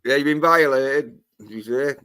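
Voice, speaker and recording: A man's voice: mid-range voice, moderate pace, sharp tone, clear, resonant tone. A man hosting a casual livestream chat, swearing freely and reading out viewer comments. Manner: crude, swears freely, reads chat aloud. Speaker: livestream host.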